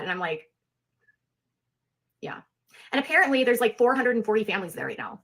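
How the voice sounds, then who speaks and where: A woman's voice: a little high, expressive, a little fast, long pauses, a bit bright. A woman chatting casually on a live stream, sarcastic and full of fillers. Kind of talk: casual chat.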